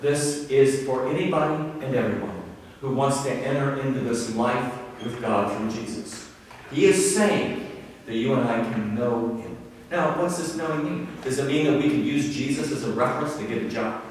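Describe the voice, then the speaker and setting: A man's voice: mid-range voice, moderate pace, slight background noise. A man preaching a sermon as pastor, chatty and self-deprecating, telling stories with quoted voices. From Ohio. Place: church sanctuary. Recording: reverberant church hall, mic at a distance.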